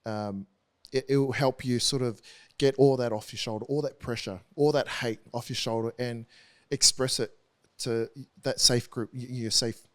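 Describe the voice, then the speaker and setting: Earnest man, halting candid storytelling. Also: mid-range voice, steady tone. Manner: earnest, halting with frequent restarts. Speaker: interview guest, rugby league player. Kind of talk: candid podcast conversation.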